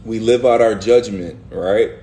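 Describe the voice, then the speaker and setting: A man's voice: on the low side, unhurried, mellow. Emphatic, slangy man leading scripture talk. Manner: emphatic, slangy, acts out prophets' words. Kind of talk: animated Bible study discussion.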